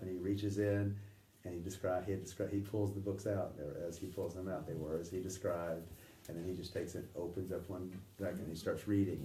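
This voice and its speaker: A middle-aged man recounting memories in a halting, conversational way, often acting out the voices he quotes and sometimes dropping to a near whisper. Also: deep voice, warm tone, slight background noise. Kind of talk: conversational anecdote telling. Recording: distant roomy recording with faint ambience.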